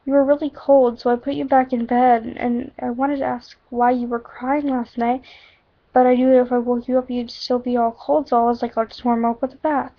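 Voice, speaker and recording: A woman's voice: a little high, flat delivery, fairly quick. A woman reading aloud as a teenage boy who tells his story earnestly, on a dull lo-fi recording. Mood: worried. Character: teenage boy, tender protective narrator.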